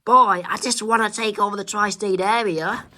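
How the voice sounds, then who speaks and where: Give me a man playing a scheming mad scientist villain in a high, almost feminine voice. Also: fairly even intonation, moderate pace, sharp tone. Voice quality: higher, feminine-sounding voice. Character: scheming middle-aged male mad scientist.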